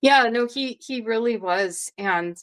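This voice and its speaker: A woman's voice: a little high, measured pace. Chatty woman telling a story. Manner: animated, chatty, quotes others in dialogue. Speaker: guest. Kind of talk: casual storytelling in an interview.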